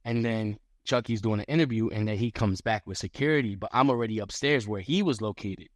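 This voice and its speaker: A man on a podcast as a guest fighter, telling a story in casual chat, animated and profane, acting out what others said. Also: fairly low pitch, brisk, dry recording, studio quality. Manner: animated, profane, acts out quotes.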